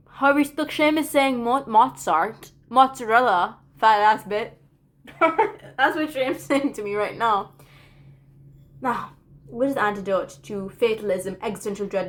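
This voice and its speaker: A woman in her early twenties, a college student, speaking in an earnest, reflective confessional vlog with self-deprecating humor. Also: a little high.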